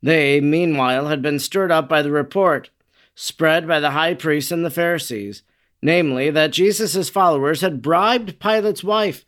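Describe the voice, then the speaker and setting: Male reader, solemn devotional story, slightly high voice, dramatic delivery. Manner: solemn, dramatic, quotes voiced with raised pitch. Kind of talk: devotional reading.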